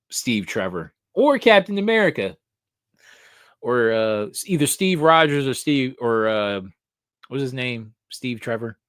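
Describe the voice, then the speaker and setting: A man hosting a casual live stream, thinking aloud, swearing casually and getting excited. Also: on the low side, no room sound, studio quality. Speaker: host of a comic book live show.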